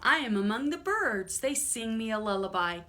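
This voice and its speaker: A woman's voice: a little high, expressive, normal speed, sharp tone. A woman reading the lines of a small boy who cannot sleep, in a plain storybook voice. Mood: wistful.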